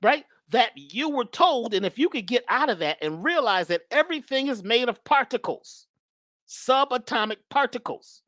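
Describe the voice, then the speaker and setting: A woman's voice: a little high, animated, moderate pace, fairly bright tone, dry recording, clean studio sound. A woman giving an emphatic spiritual talk in a preachy manner, often repeating her phrases. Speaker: spiritual speaker.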